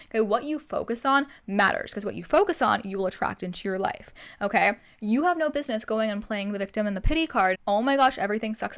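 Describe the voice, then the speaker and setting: Young female wellness podcaster, slightly high voice, blunt and encouraging, tough-love pep talk style. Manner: direct tough-love pep talk, addresses listener as girl. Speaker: podcast host. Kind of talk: motivational self-help talk.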